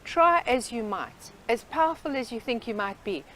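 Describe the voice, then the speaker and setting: Earnest, fairly high-voiced woman explaining. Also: lively intonation, normal speed, fairly bright tone, a little hiss or hum, rough recording. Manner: earnest, explanatory, speaks in sayings and metaphors. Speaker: guest life coach. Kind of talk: interview.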